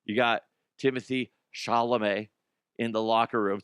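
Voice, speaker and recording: A man's voice: medium pitch, level tone, moderate pace, a bit bright, smooth, no room sound. Man, sports talk host, sarcastic, swears a lot, dry close sound. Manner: profane, sarcastic, laughs at own jokes; mocking impressions of fans and players. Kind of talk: casual sports talk rant.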